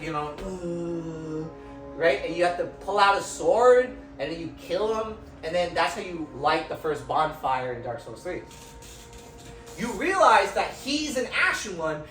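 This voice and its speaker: Excited young man swearing through a lecture. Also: high-pitched. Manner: excited, swears constantly, tags lines with "right?". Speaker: student presenter. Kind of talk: informal lecture. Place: lecture room, indoors. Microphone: phone from afar. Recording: roomy phone recording from far off, faint music.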